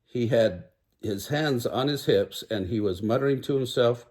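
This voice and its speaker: An older man reading a children's picture book aloud, unhurried, with small stumbles. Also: mid-range voice, a little mellow. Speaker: storybook reader.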